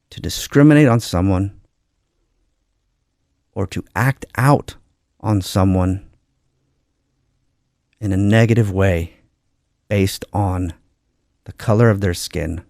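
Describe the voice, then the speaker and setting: Guy on the radio talking slow and earnest, dry close sound, medium voice. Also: low-pitched, vocal fry, darkish tone, no room sound. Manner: earnest, measured and heartfelt. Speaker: radio host. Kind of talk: earnest on-air message.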